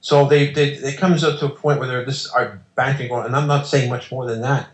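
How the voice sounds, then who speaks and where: A man's voice: medium pitch, fairly even intonation, brisk. A man as an interview guest, telling a personal story in an emphatic, insistent way and acting out the exchanges. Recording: roomy echo.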